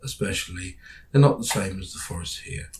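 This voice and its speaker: A man from England with a British accent, co-hosting a podcast in casual chat, dry and self-deprecating, often trailing off quietly. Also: sits low, a little fast, a little hiss or hum, poor audio. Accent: British English. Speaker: podcast co-host.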